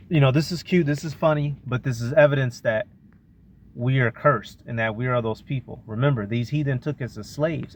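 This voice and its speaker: A man's voice: medium pitch, slight background noise. A man hosting a reaction show, commenting on clips in casual slang and drifting into preaching.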